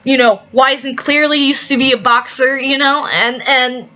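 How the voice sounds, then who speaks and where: A woman's voice: high voice, steady tone, sharp tone, lo-fi sound. A woman ranting bluntly in an opinion vlog, swearing often and restarting her sentences. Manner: profane, blunt, fast with many restarts.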